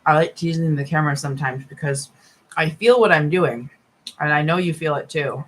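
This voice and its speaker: A woman's voice: deep voice, normal speed, a little hiss or hum, poor audio. Stoned woman chatting through mouthfuls. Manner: relaxed, talks with mouth full while eating. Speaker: live streamer. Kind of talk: casual chat to viewers.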